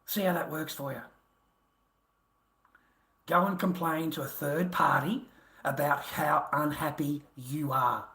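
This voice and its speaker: An Australian man ranting on his livestream in a taunting, repetitive way, full of swearing. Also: mid-range voice. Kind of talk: profane livestream rant. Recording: roomy echo.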